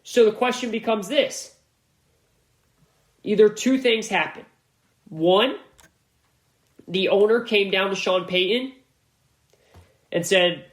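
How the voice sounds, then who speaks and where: A man's voice: high-pitched, unhurried, long pauses, roomy sound. A man hosting a solo sports podcast, talking casually and stressing his points by repeating them. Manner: casual and conversational, with slang. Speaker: podcast host.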